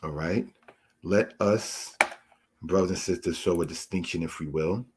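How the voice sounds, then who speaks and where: A man teaching a Torah lesson, explaining word meanings in a measured way and addressing his listeners as brothers and sisters. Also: low-pitched, background noise. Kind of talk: slow spoken Bible lesson.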